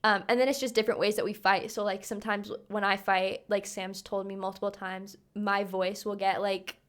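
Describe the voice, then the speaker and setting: A woman's voice: mid-range voice, flat delivery, fairly quick. A young woman co-hosting a podcast, chatting casually with many fillers. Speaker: podcast co-host. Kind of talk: casual chat.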